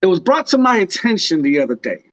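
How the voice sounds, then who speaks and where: Guy co-hosting a podcast, kinda high voice, playful fake crying bits, dull dry call audio. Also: sing-song, fast, no room sound. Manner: playful mock-tearful storytelling. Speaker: podcast co-host. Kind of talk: casual chat.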